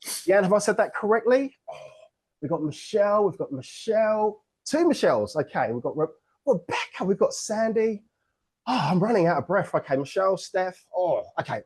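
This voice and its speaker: English man, somewhat high voice, upbeat jokey host, video call audio. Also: sing-song, moderate pace, breathy edge. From England. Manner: upbeat, joking, playful crowd-warming. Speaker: host of an online book launch. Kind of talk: lively casual hosting on a video call.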